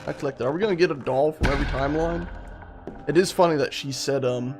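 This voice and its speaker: A young man giving rambling, excitable, profane commentary while streaming a game. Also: on the high side, fast, music in the background. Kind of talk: casual let's-play commentary.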